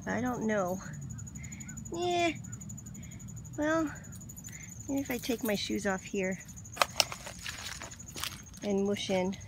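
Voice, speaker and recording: A woman's voice: medium pitch, background noise. A woman vlogging outdoors by the water on her phone, talking herself through her nerves with lots of swearing and sudden whispers. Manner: nervous self-talk, heavy swearing, drops to whispers. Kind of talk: casual self-filmed vlog.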